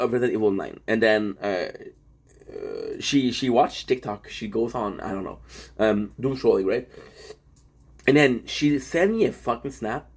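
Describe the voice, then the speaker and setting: A man streamer talking in a casual vlog monologue, rambling and profane, telling stories in an animated way. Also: lowish voice, husky.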